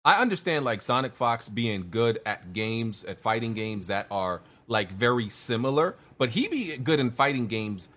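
A man's voice: medium pitch, very animated, moderate pace, hardly any pauses, fairly bright tone. A man co-hosting a casual gaming podcast, talking in a laid-back way with lots of fillers. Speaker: podcast co-host.

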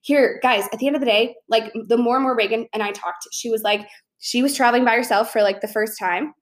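Young woman vlogger, chatty storyteller, a touch higher-pitched voice, casual and animated delivery. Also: brisk. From Chicago, USA. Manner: chatty, animated, lots of fillers like "like" and "you know". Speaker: vlogger giving social tips.

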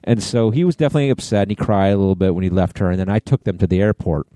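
Mellow-voiced man telling a rambling story. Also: deep voice, racing, no echo. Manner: rambling storyteller, swears freely. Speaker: podcast co-host. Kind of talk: casual chat.

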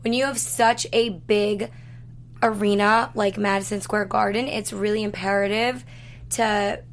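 A woman's voice: medium pitch, fairly even intonation, unhurried. A woman co-hosting a podcast, making an emphatic point in casual chat. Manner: emphatic, conversational.

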